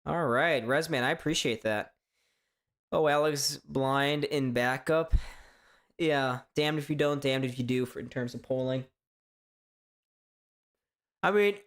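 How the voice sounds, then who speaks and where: A man from hosting a live sports reaction stream, chatting casually in a strained, hoarse voice, rambling and stammering through restarts. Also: fairly high pitch, a bit bright. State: voice straining from shouting. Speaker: sports fan livestream host.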